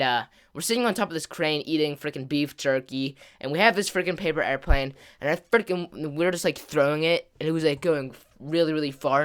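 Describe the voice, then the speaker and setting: His pitch sits fairly high as he narrates a casual tale over gameplay for his gaming channel. The story wanders, thick with fillers and mild slang, and he grows louder and more worked up as it builds to its high point.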